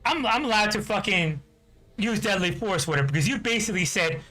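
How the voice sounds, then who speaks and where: A man's voice: sits high, animated, brisk, bright, forceful tone, soft background music, low-quality recording. A man from New Jersey, a game streamer, ranting angrily with heavy swearing and constant "you know what I'm talking about" fillers. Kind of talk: angry ranting chat.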